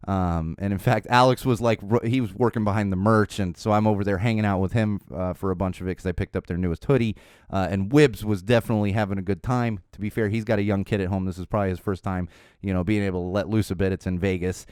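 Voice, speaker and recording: Smooth-voiced man telling a rambling story. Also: fairly low pitch, steady tone, fast, darkish tone, no echo, studio quality. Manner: rambling, with many fillers and restarts. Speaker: podcast host. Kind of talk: casual storytelling.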